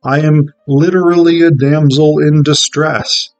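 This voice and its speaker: A man's voice: a little high, steady tone, a little slow, faint music behind. A man voicing a melodramatic noble maiden in distress, in an exaggerated whining tone. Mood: mock distress.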